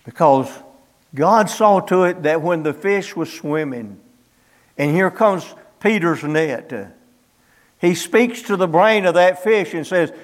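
Folksy preacher man, higher voice. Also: slow. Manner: folksy storytelling, acts out biblical dialogue. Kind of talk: sermon.

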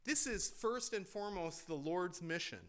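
A pastor preaching a sermon in a church, emphatic and deliberate, with rhetorical questions. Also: male voice, sits high, fairly bright tone.

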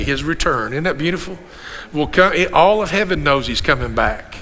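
A man in his sixties, a pastor preaching an animated sermon with rhetorical questions and repeated refrains. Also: fairly high pitch, normal speed. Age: 60s. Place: church sanctuary. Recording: long hall reverb in a church.

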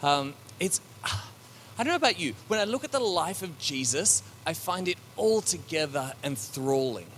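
A man's voice: a little high, very animated, normal speed, fairly bright tone, a little hiss or hum. A man preaching a sermon to a congregation, thinking aloud in a loose, conversational way with frequent ums, restarts and reflective asides. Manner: conversational, with many fillers and restarts; reflective and searching.

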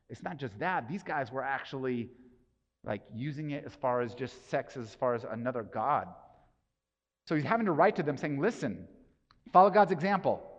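Guy preaching a chatty sermon, kinda high voice, long church echo. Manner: casual, conversational preaching with rhetorical questions. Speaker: pastor. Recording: dull sound with long hall reverb.

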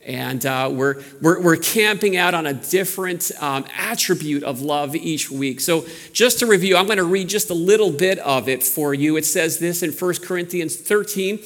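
A man with a New York accent, preaching a sermon in a relaxed, storytelling way with frequent restarts. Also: fairly high pitch, normal speed, hardly any pauses, big-room sound. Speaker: pastor.

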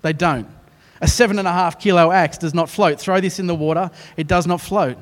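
Australian male pastor, sermon, lively storyteller with self-deprecating humour; somewhat higher voice, long reverberant hall. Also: fairly quick. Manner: animated storytelling with self-mocking asides.

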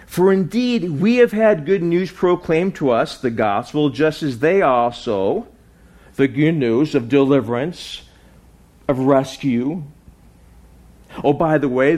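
A man preaching a sermon, with lively swings in pitch and loudness, dropping low and soft for emphasis. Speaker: pastor.

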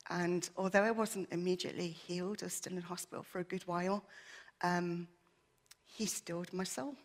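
A woman's voice: fairly low pitch, steady tone, moderate pace. Woman, church testimony, earnest, emotional, shaky voice, lots of ums. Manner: earnest, emotional, with many fillers. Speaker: church member giving testimony.

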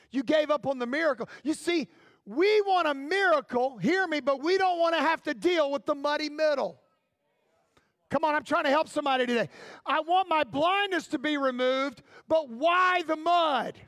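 A man preaching a sermon in church, impassioned, firing off repeated rhetorical questions and rising to shouts. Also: very high-pitched, dry recording, clean studio sound.

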